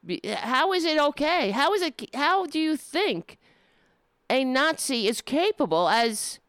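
A woman's voice: sits high, big pitch swings, fairly bright tone, no echo, studio quality. A woman giving an indignant opinion monologue, often stumbling and restarting as she builds her point. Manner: impassioned, indignant, with halting restarts.

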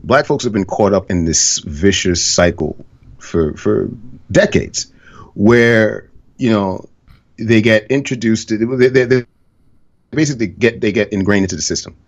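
A man's voice: on the low side, a little slow, dull audio. A man hosting a podcast, talking bluntly and profanely in casual conversation. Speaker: podcast host.

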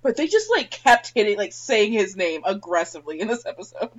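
Woman with lively pitch, joking around. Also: muffled recording. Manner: playful, joking, quick interjections. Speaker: podcast co-host. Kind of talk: casual chat.

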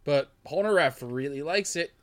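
A man's voice: a little high, lively intonation, normal speed, a crowd in the background. A man co-hosting a podcast, chatting casually about a comic with wry, laughing asides. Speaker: podcast co-host.

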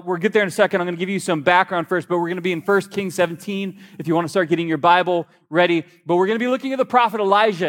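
Man preaching in a reverberant church. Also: sits high. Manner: lively, joking storyteller. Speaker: pastor. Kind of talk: sermon. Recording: long hall reverb.

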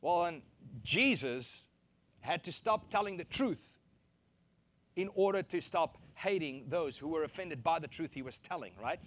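A man preaching a sermon, animated, acting out quoted voices to mock them and laughing between his points. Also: on the high side, measured pace. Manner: animated, acts out mocking quotes.

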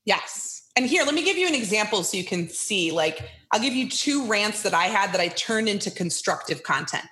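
A middle-aged woman chatting as a podcast guest, lively and playfully acting out the voices of people she quotes. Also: mid-range voice, normal speed. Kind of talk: casual interview chat.

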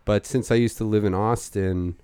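A man co-hosting a comedy podcast, deadpan and dry, now and then breaking into shouted mock rants. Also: lowish voice, moderate pace, clean tone, dry recording.

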